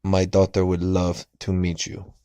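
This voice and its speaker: A man voicing a middle-aged actress with a foreign accent, speaking in a soft, coaxing, slow way. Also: low-pitched, steady tone, no echo, natural voice.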